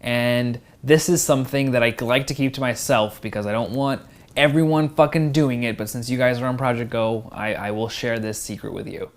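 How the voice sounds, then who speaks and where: A man's voice: medium pitch, normal speed. Frank young man giving advice. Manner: frank, direct, reads questions aloud then answers. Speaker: host answering viewer questions. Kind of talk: casual Q&A advice.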